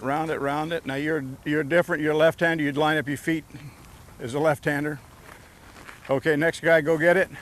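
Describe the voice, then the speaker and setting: A man's voice: fairly high pitch, a little hiss or hum. A man coaching a youth baseball team outdoors, giving short, encouraging instructions during drills.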